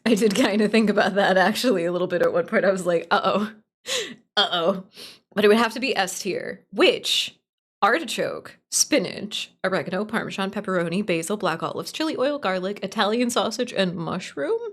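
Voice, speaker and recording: A woman's voice: mid-range voice, lively intonation, brisk. A woman streamer talking in a mid-range voice, casual and playful as she answers her chat. She is blunt and opinionated, and she swears heavily through her running commentary.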